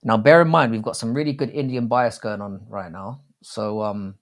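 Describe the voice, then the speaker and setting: Rambling, swearing streamer. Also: male voice, on the low side, fairly even intonation, normal speed. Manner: rambling, swears freely, restarts often. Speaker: live stream host. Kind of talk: casual live chat.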